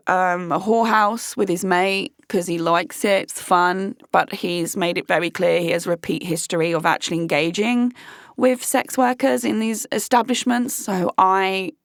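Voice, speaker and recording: A woman's voice: mid-range voice, steady tone, measured pace, no echo. Young woman vlogging, blunt and fired up, swears a lot, dry close sound. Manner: frank, heated, swears freely. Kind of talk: candid personal storytelling.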